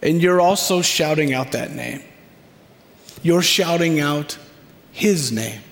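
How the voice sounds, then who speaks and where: A man's fairly high voice carries slowly through a reverberant hall. He preaches as a guided meditation, drawing listeners into the scene with a reflective manner and long, dramatic pauses. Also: creaky. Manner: slow, reflective second-person storytelling with dramatic pauses.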